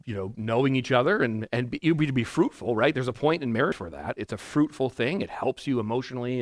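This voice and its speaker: A man's voice: mid-range voice, no room sound, clean studio sound. A male pastor giving a conversational, verse-by-verse sermon in a church, talking loosely with restarts and asides. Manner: casual and rambling, with many restarts and asides. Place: church sanctuary.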